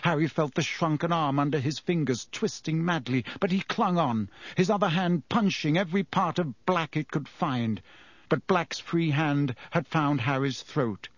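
A man reading a story aloud in measured scripted narration. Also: a little high, dry recording. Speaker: audiobook narrator.

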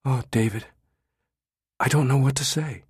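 A man's voice: medium pitch, a little slow, a little mellow, slightly rough, dry recording, studio quality, pitched above the performer's own voice. A man voicing a witty, teasing woman in an audiobook, lifting his voice a little for her. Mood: tearful. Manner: teasing, playful. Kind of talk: audiobook character reading.

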